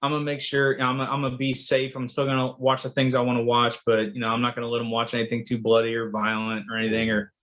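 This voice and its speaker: A podcast co-host chats casually as a father, telling long, rambling stories and acting out the quotes. His medium-pitched, fairly bright voice runs monotone and quick with hardly any pauses, and the recording has a dull lo-fi sound.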